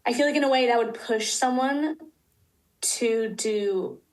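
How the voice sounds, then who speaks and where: Hesitant young woman student, slightly high voice. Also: unhurried, rough recording. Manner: hesitant, many fillers. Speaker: coaching student. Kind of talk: casual chat.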